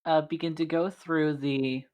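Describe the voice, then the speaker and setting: A woman narrating a tabletop game as game master, in slow, halting narration with fillers. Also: deep voice, steady tone, a little mellow, dull audio.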